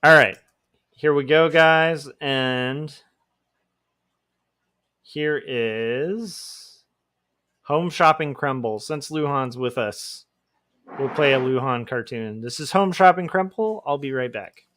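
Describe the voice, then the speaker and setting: Slow and prone to frequent pauses, a comic artist's slightly bright, mid-range voice drifts through casual livestream chat as he draws. He rambles, laughs, and runs himself down, and the sound is close and dry without any echo.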